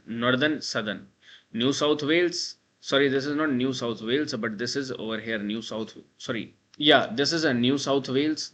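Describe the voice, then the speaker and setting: A man's voice: mid-range voice, sharp tone. A man with an Indian English accent, teaching a map-based exam prep lecture and drilling students with repeated checks like "right?" and "guys". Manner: repetitive, drills the listener with frequent "right?" and "guys".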